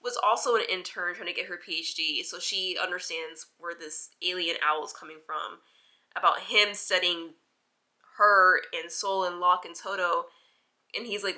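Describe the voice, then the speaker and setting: A woman chatting casually in a book vlog, animated and informal, leaning on "like" and dropping the odd swear word. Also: on the low side, moderate pace. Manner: chatty and animated, heavy use of "like". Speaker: book vlogger. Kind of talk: casual reading vlog chat.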